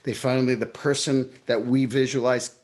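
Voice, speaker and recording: A middle-aged man with a New York accent, telling stories in an interview and acting out his own past dialogue with lively energy. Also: medium pitch, normal speed. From Brooklyn, New York. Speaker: guest. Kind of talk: storytelling in a casual interview.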